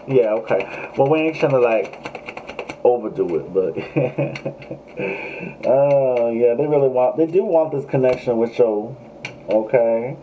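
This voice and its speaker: A man's voice: medium pitch, unhurried, dark tone, slight background noise, low-quality recording. A man giving a casual, joking live tarot reading, swearing freely and talking straight to his viewers. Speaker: tarot reader.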